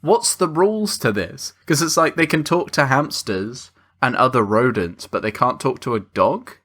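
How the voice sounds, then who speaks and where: A man co-hosting a podcast, joking casually and animatedly about a film. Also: medium pitch. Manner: animated, jokey, quick to laugh. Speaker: podcast co-host. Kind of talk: casual film review chat.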